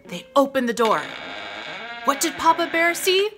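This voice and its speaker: Woman storyteller for preschoolers, bright, high and highly animated, slow delivery, faint music behind. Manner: expressive, exaggerated, slow. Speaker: children's storyteller. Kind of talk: children's storytime read-aloud.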